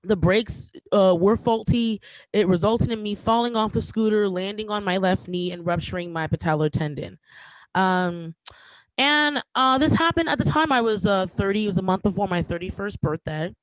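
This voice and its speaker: A woman's voice: medium pitch, normal speed, no echo, rough recording. A woman in her thirties hosting a podcast, talking candidly and with emotion, joking now and then, with many fillers and restarts. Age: 30s. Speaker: podcast host. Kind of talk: casual podcast monologue.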